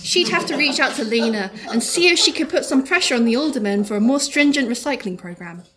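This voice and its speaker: Woman reading a comic story deadpan. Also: high-pitched, brisk. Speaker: author reading aloud. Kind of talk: comic reading of her own book at a live event. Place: live venue with audience.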